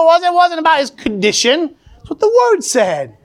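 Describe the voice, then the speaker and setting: High-voiced fervent male preacher. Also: wildly swooping pitch, moderate pace, fairly bright tone. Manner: fervent, calls out amen and praise the Lord to the congregation. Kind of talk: sermon.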